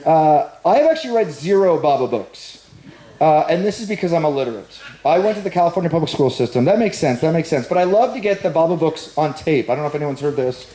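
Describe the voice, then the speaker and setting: Male stand-up comic, rambling self-deprecating story, fairly high, mellow voice, roomy live venue. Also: expressive, fast talker, a little hiss or hum. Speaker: stand-up comedian. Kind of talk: stand-up comedy set. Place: large echoey venue with live audience. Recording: roomy live stage recording.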